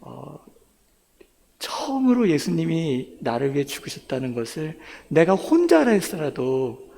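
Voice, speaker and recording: A middle-aged man preaches a personal testimony, moving between English and Korean. His voice sits a little high and has a gravelly edge. It carries a long reverb tail from the church sanctuary. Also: sing-song, racing, mellow. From grew up in Brooklyn, New York. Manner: switches between English and Korean, emotional storytelling with laughs. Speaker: pastor. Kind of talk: bilingual sermon testimony.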